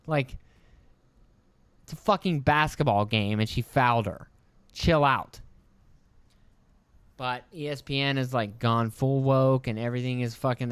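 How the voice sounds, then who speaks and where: A man's voice: mid-range voice, clean tone, dry recording. A young adult man hosting a podcast, ranting in a heated, profane, mocking way and slipping into put-on voices. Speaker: podcast host. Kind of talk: ranting solo podcast commentary.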